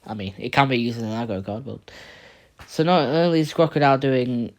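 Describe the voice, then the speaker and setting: A man talks through a card game tier list in a loose, unscripted way, with a voice of ordinary middle pitch. He is blunt in his verdicts and keeps stumbling and restarting mid-sentence. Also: a little fast. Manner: rambling, blunt, stumbles over words. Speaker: card game video creator. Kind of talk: casual tier list commentary.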